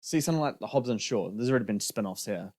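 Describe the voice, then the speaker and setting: A young man with a lowish voice co-hosting a casual film podcast. He states his views firmly and laughs easily. The sound is close and dry, with no room echo. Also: expressive, fast talker, darkish tone. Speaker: podcast co-host.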